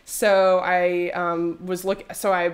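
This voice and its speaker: A woman's voice: on the low side, flat delivery, slow. A woman in her thirties, a textile artist, chatting casually in an interview and rambling with lots of fillers.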